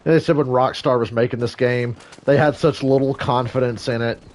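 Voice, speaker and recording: A man's voice: medium pitch, fairly even intonation, moderate pace, darkish tone. A man giving casual, rambling gameplay commentary, joking and swearing. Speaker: gaming streamer.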